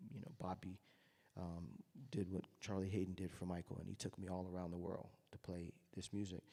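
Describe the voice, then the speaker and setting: Trumpet guy telling stories to a crowd, deep-ish voice, does the quotes big, reverby hall. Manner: storytelling, acts out quoted voices loudly. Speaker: jazz trumpeter telling his story. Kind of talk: anecdotal talk to an audience.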